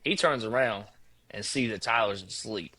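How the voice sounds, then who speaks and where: A young man casually telling a road-trip story on a podcast, animated and swearing, acting out quotes. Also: fairly low pitch, moderate pace.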